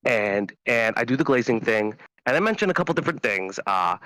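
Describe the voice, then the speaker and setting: A man's voice: medium pitch, big pitch swings, brisk, sharp tone, dry recording, poor audio. A man on a call, telling a story in a rambling, profane, stop-start way. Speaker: caller. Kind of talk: casual phone call.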